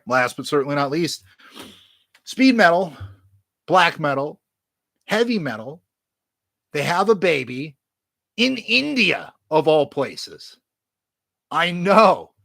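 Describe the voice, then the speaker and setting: A man talking through his music collection on camera, his voice pitched a bit higher than most men's. He jokes crudely and mocks himself, rambling with lots of fillers and swearing. The sound is close and dry, with no room echo. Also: a bit bright. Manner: crude, joking and profane, rambling with frequent fillers; enthusiastic and self-mocking. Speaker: music collector reviewing his new albums. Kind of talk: casual unscripted vlog.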